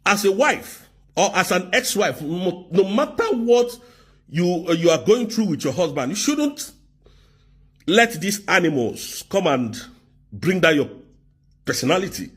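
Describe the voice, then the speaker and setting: A man's voice: high voice, big pitch swings, a little slow, breathy edge. A man ranting angrily in commentary, hurling insults and rebukes. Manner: insulting, shouting rebukes, swearing. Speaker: political commentator.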